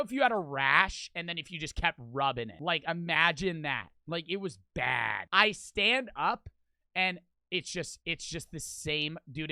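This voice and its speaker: A young man telling a crude story in casual, profane, animated fashion. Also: fairly high pitch, dry recording. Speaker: streamer.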